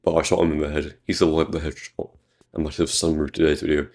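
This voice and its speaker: Very deep gravelly British man. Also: flat delivery, racing, darkish tone, faint music behind. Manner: rambling, crude and jokey. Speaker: gaming YouTuber. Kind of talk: casual gameplay commentary.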